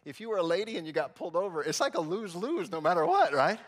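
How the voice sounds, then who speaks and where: A man's voice: high-pitched, big pitch swings, fast. A man preaching a sermon as pastor, telling stories with jokes in a conversational way. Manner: humorous, conversational storytelling. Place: church sanctuary. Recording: long reverb in a church hall.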